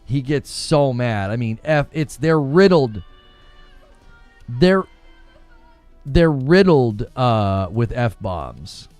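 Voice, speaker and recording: A man's voice: medium pitch, big pitch swings, very slow, pauses often, darkish tone, no room sound, faint music behind. A man hosting a gaming podcast in casual chat, rambling with many fillers and laughing easily. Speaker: gaming news podcast host.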